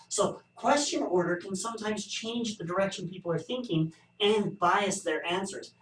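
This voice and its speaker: A man's voice: sits high, moderate pace, few pauses, a bit bright. A man teaching a statistics class, explaining survey bias with wry, joking asides. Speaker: statistics instructor. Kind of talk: recorded classroom lecture. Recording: echoey room, distant mic.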